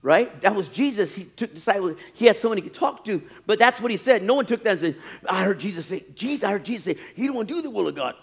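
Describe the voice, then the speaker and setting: A male pastor preaching a sermon, animated, often acting out quoted churchgoers. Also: sits high, fast talker, creaky, few pauses, husky.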